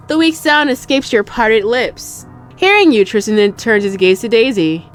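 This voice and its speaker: A young woman hosting a gaming channel, reading a visual novel aloud with dramatic narration and loud, cursing outbursts. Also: mid-range voice, normal speed, soft background music.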